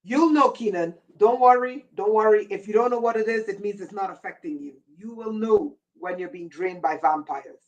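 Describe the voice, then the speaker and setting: A woman's voice: mid-range voice, moderate pace, few pauses, darkish tone, recorded from a distance, dull audio. A woman hosting a livestream, delivering a rambling, intense monologue in a warning tone and answering viewers' chat comments by name. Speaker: livestream host.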